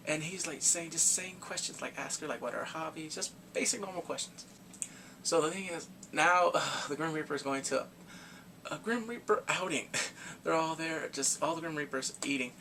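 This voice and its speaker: A man casually recapping a drama for his vlog, animated and acting out the characters' reactions with gasps and laughs. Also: on the high side, normal speed, vocal fry, slight background noise. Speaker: K-drama reviewer.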